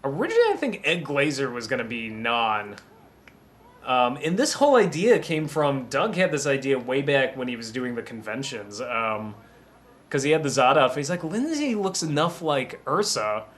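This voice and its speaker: A man recording a commentary track about writing a film, rambling and anecdotal, often restarting his sentences and pausing to sip water. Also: medium pitch, animated, a bit bright. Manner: drinks water between remarks. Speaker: writer giving a film commentary.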